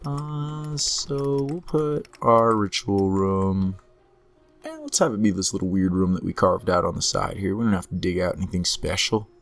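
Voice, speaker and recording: A man commentating his own strategy game play in a relaxed way, talking through each move while he is losing his voice. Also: low-pitched. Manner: unhurried, talks through each move to himself. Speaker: gameplay commentator.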